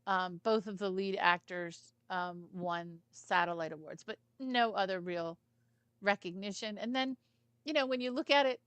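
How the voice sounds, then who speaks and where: A woman's voice: mid-range voice, moderate pace, fairly bright tone, clear, resonant tone, no room sound. A woman co-hosting a casual film review chat, rambling with lots of "you know" asides. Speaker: film review podcast co-host.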